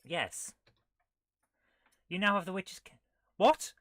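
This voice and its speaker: A woman's voice: sits low, expressive, moderate pace, sharp tone, dry recording, clean studio sound. A woman, hosting a retro game playthrough, reading the game's text aloud with wry, jokey asides. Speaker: retro gaming host. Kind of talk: casual game playthrough commentary.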